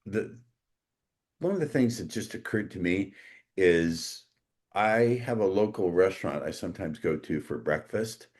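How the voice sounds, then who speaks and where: A man hosting a podcast interview, talking in a relaxed, rambling way with jokes. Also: sits low, measured pace. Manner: joking, rambling. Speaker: podcast host. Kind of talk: conversational interview.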